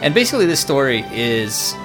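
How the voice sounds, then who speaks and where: A man's voice: medium pitch, big pitch swings, fairly quick, over music. A man co-hosting a podcast, telling a story in a rambling, casual way with restarts and laughs. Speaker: podcast co-host.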